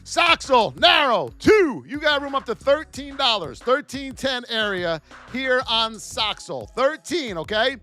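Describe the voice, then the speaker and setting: A man hosting a live trading lesson, loud and joking, calling out viewers by name as he reads off price levels. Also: extremely high pitch, big pitch swings, unhurried, hardly any pauses, faint music behind. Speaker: trading educator and livestream host. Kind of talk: energetic live market commentary.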